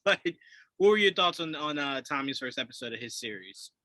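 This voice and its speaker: A man co-hosting a podcast in casual chat, animated and laughing often as he acts out quotes. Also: medium pitch, brisk, dry recording, poor audio. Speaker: podcast co-host.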